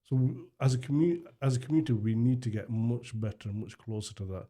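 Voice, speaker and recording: A man's voice: medium pitch, quick pace, mellow. A man in his forties, a podcast co-host telling parenting stories in casual, earnest chat. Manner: earnest, storytelling, laughs easily.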